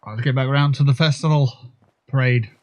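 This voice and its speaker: A man's voice: mid-range voice, fairly even intonation, moderate pace, a little mellow. A man chatting casually and swearing now and then as he commentates his own gameplay on a livestream.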